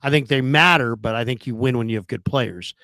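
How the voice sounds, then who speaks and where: A man's voice: medium pitch, a little fast, pushed and bright, no echo. Argumentative man debating football. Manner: argumentative, questioning, many restarts. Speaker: podcast co-host. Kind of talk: casual sports debate.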